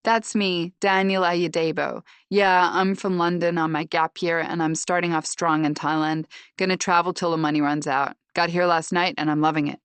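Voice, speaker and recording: A swaggering young male backpacker talks in a brash Cockney accent, as a woman narrator puts him on. He sounds loose and sure of himself. The voice stays low and the recording is dry. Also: flat delivery, normal speed, few pauses, clear, resonant tone, no echo, natural voice. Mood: cocky.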